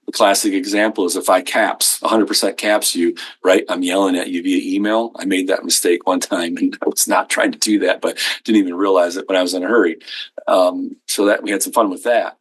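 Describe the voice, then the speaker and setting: Low-voiced man giving a casual training webinar. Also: husky, poor audio. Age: middle-aged. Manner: conversational, acts out dialogue, frequent ums. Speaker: healthcare billing trainer.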